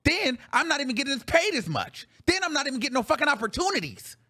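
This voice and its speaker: A man's voice: extremely high pitch, big pitch swings, quick pace, sharp tone. A male show host in a heated, profane reaction rant, venting with repeated phrases.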